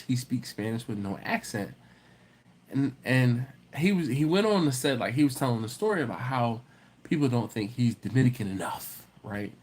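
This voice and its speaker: A man's voice: mid-range voice, breathy edge. A man hosting a barbecue live stream, chatting casually, reading viewer comments and joking with them by name. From lives in Baltimore area, not from there. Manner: animated, jokey, greets viewers by name.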